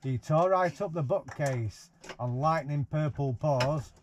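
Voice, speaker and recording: A man's voice: fairly high pitch, slow pace, a little mellow, a little hiss or hum. A man reads a picture book aloud to a baby in a caravan, breaking off for playful, teasing asides. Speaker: parent reading to a baby. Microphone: 360 VR camera.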